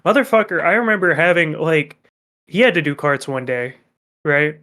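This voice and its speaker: Young male podcast co-host, fairly high voice, animated storyteller with plenty of swearing. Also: moderate pace. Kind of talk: casual chat.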